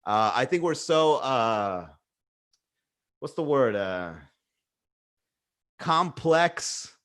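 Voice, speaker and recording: A man's voice: mid-range voice, very animated, extremely slow, fairly bright tone, smooth. A man hosting a casual solo podcast from home, musing aloud in a rambling way, swearing freely and full of fillers. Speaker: podcast host. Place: indoors at home.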